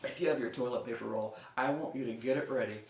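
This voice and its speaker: A man's voice: mid-range voice, quick pace, slight background noise. A young man teaching a music lesson for children, upbeat and leading the kids in call-and-response. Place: room at home. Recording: echoey room.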